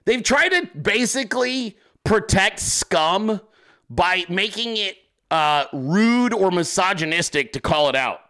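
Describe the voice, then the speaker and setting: A man with a high, bright voice that swings widely in pitch as he hosts a political talk show. He rants in a crude, sarcastic way, swearing constantly and firing rhetorical questions at his listeners. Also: expressive, takes it slowly. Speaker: political commentary host. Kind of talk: profane unscripted rant.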